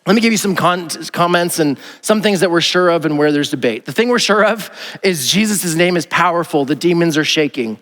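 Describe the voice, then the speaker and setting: Preaching in a large church sanctuary with long hall reverb, this pastor keeps things conversational and jokey, acting out quotes in a raised voice. He sounds animated and fairly quick, with a high-leaning, fairly bright tone.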